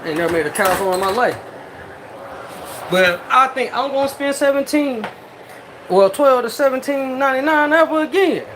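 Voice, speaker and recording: A hyped home cook filming a cooking vlog, talking excitedly to the chat in slangy exclamations. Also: high-pitched, moderate pace, pauses often. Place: home kitchen with the fan running. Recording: noisy, with kitchen fan hum.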